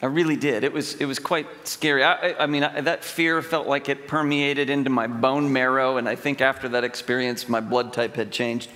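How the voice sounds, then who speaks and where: A man's voice: medium pitch, fairly even intonation, moderate pace, hardly any pauses, pushed and bright, a little hiss or hum. A middle-aged man preaching a sermon in a large church, telling stories in a conversational way and acting out quotes with emphasis. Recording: long hall reverb.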